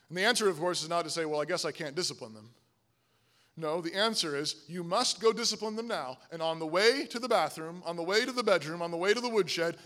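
A man preaching a sermon, emphatic, often asking "Right?", swinging from loud stresses to low, quiet asides. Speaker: pastor.

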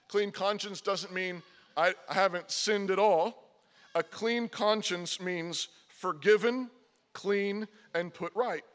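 A man's voice: high voice, a bit bright, big-room sound. A man preaching a sermon as pastor, earnest and emphatic, repeating key phrases and acting out imagined conversations. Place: church sanctuary.

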